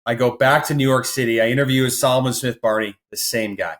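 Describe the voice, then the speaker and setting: Animated male storytelling guest. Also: mid-range voice, fast. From American Midwest. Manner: animated storyteller who acts out quoted voices. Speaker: podcast guest. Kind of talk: storytelling in an interview.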